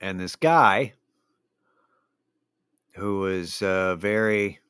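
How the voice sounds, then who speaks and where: A man's voice: low voice, very slow, a bit bright, clean tone, no echo, studio quality. A man hosting his own show, telling rambling, profane stories in a wry, casual way with lots of fillers. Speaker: podcast host. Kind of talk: casual solo monologue.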